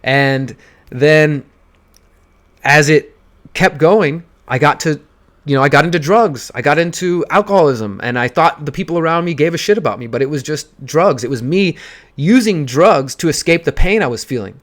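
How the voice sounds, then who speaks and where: A man's voice: on the high side, animated, normal speed, a bit bright. A man in his thirties, a podcast host, candidly telling a personal story in an emotional, profane monologue.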